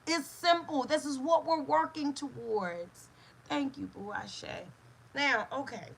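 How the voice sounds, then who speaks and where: A woman giving an inspirational talk as host, emphatic and repetitive, dropping to a hush for stress. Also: high-pitched, takes it slowly, vocal fry, a little hiss or hum, low-quality recording. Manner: emotional, speaks to a live listener.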